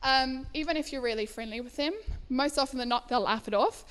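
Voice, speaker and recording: A woman's voice: high-pitched, fairly quick, fairly bright tone, smooth. A woman in her thirties from South Africa, telling a personal story to a live audience at an indoor event, chatty and laughing often between fillers.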